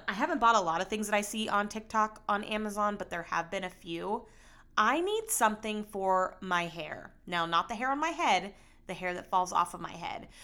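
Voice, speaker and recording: A young adult woman hosting her own podcast, chatting casually and rambling with animated bursts of emphasis. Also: medium pitch. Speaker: podcast host. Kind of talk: casual solo podcast chat.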